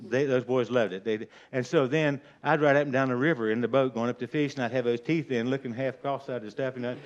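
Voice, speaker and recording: A man's voice: medium pitch, fairly even intonation, fast talker. An older man telling a folksy, rambling prank story in casual talk, chuckling as he goes, on a dull lo-fi recording. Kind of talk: casual spoken anecdote.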